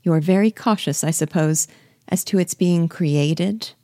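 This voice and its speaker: A woman's voice: on the low side, warm tone, dry recording, clean studio sound, natural voice. A woman reading a witty, teasing young lady. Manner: quick, teasing and pointed.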